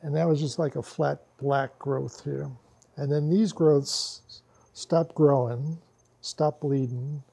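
This workshop presenter spins casual, animated stories for a handful of listeners, frequently laughing and performing quoted dialogue. He speaks slowly in a gravelly, husky voice pitched on the high side.

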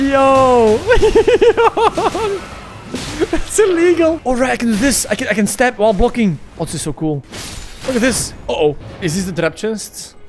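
Young male streamer, high and lively voice, crude excitable play-by-play, faint music underneath. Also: brisk. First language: Dutch. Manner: excitable, crude jokes, sudden yelps and laughs. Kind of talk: casual let's-play commentary.

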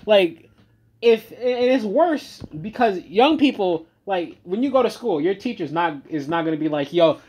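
A man giving a profane reaction rant, heated and swinging between loud outbursts and low muttering. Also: lively intonation, unhurried, husky. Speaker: commentator.

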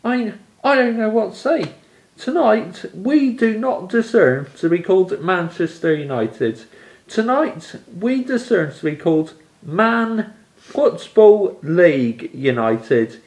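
A young man from England vents about a humiliating football defeat, seething and swearing as he talks to camera. His voice sits a little high and he speaks slowly, leaning hard on each angry word. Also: animated, a little mellow. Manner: furious, swearing, exasperated. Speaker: football fan vlogger. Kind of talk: angry fan rant to camera.

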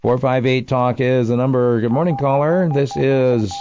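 A man's voice: mid-range voice, steady tone, background noise. Man hosting a talk radio show. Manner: halting, restarts, rhetorical questions. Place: radio studio. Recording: slightly dull radio studio audio.

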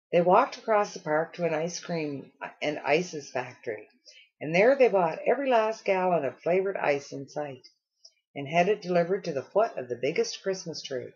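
A woman reading a children's storybook aloud with expressive storytelling. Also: lowish voice, normal speed, breathy edge, dull audio. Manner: expressive storytelling with acted character lines. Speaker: storybook reader.

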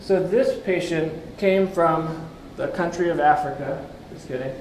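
A man's voice: on the high side, unhurried, a little mellow, a little hiss or hum. A man giving a conversational lecture with slides, asking the audience questions and tossing in wry asides. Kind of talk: conference talk with slides. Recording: echoey room, faint background ambience.

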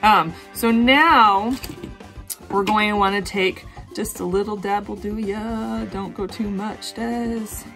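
A woman hosting her own jewelry-making tutorial, chatty and bubbly, gushing with excitement as she talks viewers through each step. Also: medium pitch, slow pace, soft background music. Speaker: jewelry-making video host. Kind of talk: casual craft tutorial.

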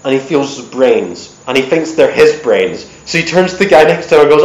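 A man giving a lively, chatty storytelling talk at an event, with plenty of ums and uhs. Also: medium pitch, fast talker, few pauses. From United States. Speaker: presenter. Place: event hall. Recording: echoey hall.

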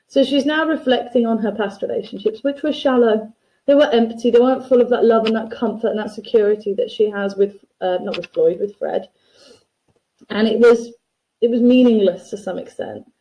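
A woman's voice: a little high, mellow, rough recording. A woman teacher giving a recorded lesson that analyses a poem for students, reading quotations aloud and unpacking them in a conversational, explanatory way.

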